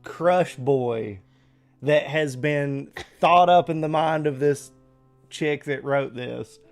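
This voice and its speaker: Man streamer, slow delivery, teasing, gravelly voice. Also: on the high side, soft background music. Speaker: streamer host. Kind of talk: casual live-stream chat and story reading.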